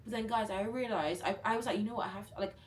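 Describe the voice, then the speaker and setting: A young woman vlogging a casual storytime, chatty and animated, full of fillers. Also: mid-range voice, racing.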